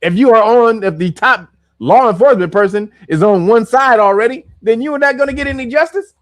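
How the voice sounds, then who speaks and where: High-voiced man ranting, laughing and cursing. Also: a little fast. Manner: profane, incredulous, laughs often. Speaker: reaction streamer. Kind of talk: casual reaction commentary.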